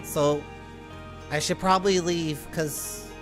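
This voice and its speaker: A woman's voice: sits low, fairly even intonation, slow pace. A woman commenting while playing a game, muttering in a puzzled way. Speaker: game player. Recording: faint music behind.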